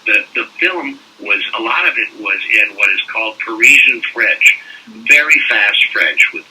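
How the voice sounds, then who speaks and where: An older man, a voice actor, telling animated anecdotes in a casual interview and slipping into mock French-accent bits. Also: fairly low pitch, normal speed, slightly rough. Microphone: phone call. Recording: distant phone-call audio.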